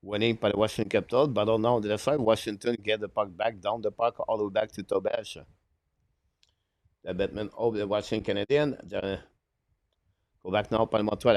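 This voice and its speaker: A man calling a hockey game live as a fan play-by-play commentator, in rapid, clipped, broken phrases with eager, apologetic asides, speaking into a headset mic. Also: fairly low pitch, steady tone, dry recording. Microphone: headphones with mic.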